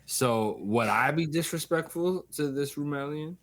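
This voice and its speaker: A man's voice: a little high, animated, measured pace, very noisy. A man co-hosting a podcast, joking and emphatic, swearing freely as he argues a point. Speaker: podcast co-host. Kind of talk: casual chat.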